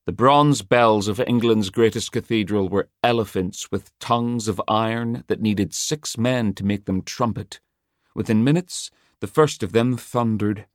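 An audiobook narrator, a man with a low voice, tells a story slowly in a measured, dramatic way. It's scripted narration, recorded dry and in studio quality.

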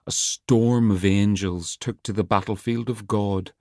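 A man narrates a dramatic tale at an unhurried, deliberate pace, in a somewhat low voice. The recording is close and dry, with no room sound at all. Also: steady tone, darkish tone, no echo. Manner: measured, dramatic storytelling. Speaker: audiobook narrator. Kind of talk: scripted narration.

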